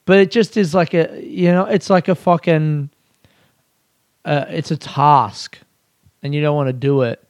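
Young Aussie male comic, sweary rambling bits, slightly high voice, dry close sound. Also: fairly even intonation, measured pace, long pauses, no room sound. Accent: Australian. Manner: profane, rambling and self-mocking. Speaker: comedian. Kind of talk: casual comedic monologue.

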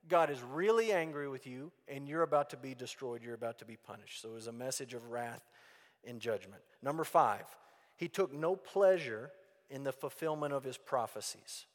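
Earnest preacher in a reverberant hall. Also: male voice, medium pitch, moderate pace. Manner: earnest, emphatic, repeats key phrases. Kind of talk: sermon.

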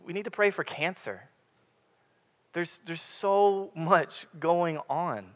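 A man's voice: on the high side, slow pace, a bit bright. A young man preaching a casual, candid sermon, rambling a little with many fillers and restarts. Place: church meeting room with congregation. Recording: long reverb from the room.

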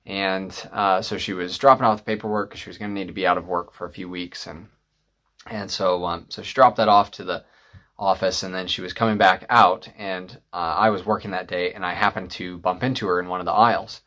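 A young adult man from northern Michigan, preaching a sermon with a personal story, often pausing on "uh" and building emphasis. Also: low voice, fairly even intonation, pushed and bright. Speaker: pastor.

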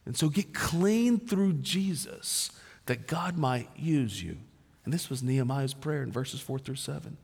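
A man in his forties preaching a sermon as a pastor, talking casually and slangily, swinging from loud emphasis to low, quiet stretches. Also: expressive, unhurried, creaky, slightly rough. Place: large church auditorium. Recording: long reverb of a large hall.

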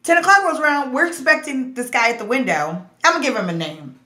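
Animated woman storyteller, echoey room. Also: high voice, quick pace. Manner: animated, acts out voices with loud bursts. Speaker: podcast host telling a story. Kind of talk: casual storytelling chat.

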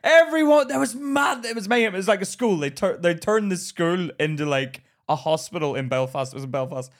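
A brisk man with a high voice co-hosts a casual podcast. Animated and laughing a lot, he tells stories and performs the quotes in them.

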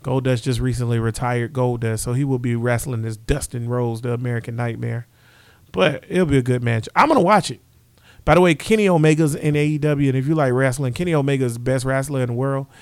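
A man's voice: mid-range voice, brisk, clean tone, no room sound. A man hosting a casual sports chat, brash and teasing as he trash-talks. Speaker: podcast host.

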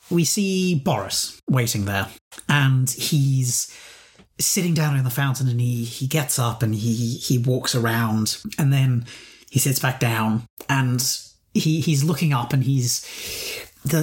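A man narrating an improvised story in a tabletop game, rambling as he goes. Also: mid-range voice. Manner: rambling, with many restarts.

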